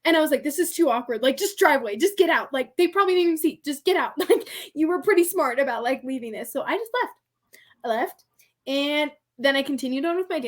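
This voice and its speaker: A woman's voice: sits high, animated, fast talker. A young woman guest on a podcast, telling a story in casual conversation, chatty and filling her speech with "like". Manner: chatty, heavy use of "like", laughs often.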